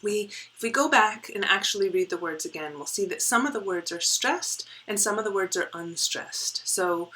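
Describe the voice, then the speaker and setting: A woman teaching a poetry lesson, explaining step by step and often checking in with "right?", dropping to a soft whisper as she reads lines aloud. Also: mid-range voice, normal speed, few pauses, rough recording. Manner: drops to a soft whisper while reading and counting. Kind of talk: poetry lesson with board work.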